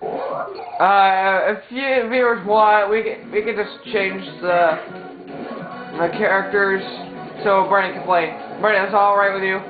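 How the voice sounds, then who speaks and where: A man's voice: sits high, steady tone, a little slow. A man giving casual gameplay commentary, rambling and stumbling over restarts. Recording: tinny, echoey, loud game music.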